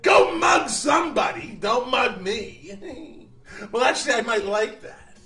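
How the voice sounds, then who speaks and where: Brief: very high, gravelly evil clown, yelling insults at callers, echoey room with faint music. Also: male voice, expressive, slow pace, full character voice. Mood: taunting. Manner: screeching, insulting, cackling. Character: shrill cackling evil male clown host. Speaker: host. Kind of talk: live call-in show.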